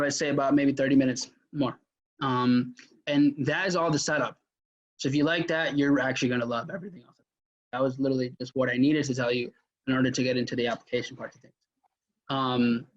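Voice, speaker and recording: A man's voice: medium pitch, fairly even intonation, fairly quick. A man leading a casual sales workshop lecture, chatty and full of fillers and restarts. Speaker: mentor teaching a sales workshop. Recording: dull lo-fi audio.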